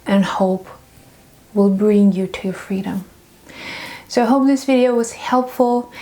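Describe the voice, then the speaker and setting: A woman's voice: mid-range voice, dark tone. A woman spiritual teacher telling a parable expressively, slipping into whispers. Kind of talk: storytelling talk.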